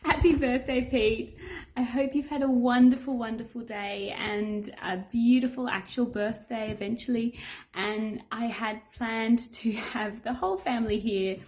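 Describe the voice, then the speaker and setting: A woman with a higher-pitched voice records a casual birthday message. She sounds cheerful and a little scattered, giggling between lines. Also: fairly even intonation, a little slow, a little mellow. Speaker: family member sending birthday wishes.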